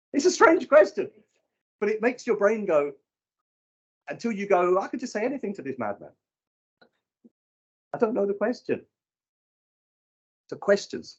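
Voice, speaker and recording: Male speaker in his fifties, husky, acts out voices in his stories; lo-fi sound. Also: a little high. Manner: animated storyteller acting out quoted people. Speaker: conference speaker. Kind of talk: live breakout session talk. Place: conference room.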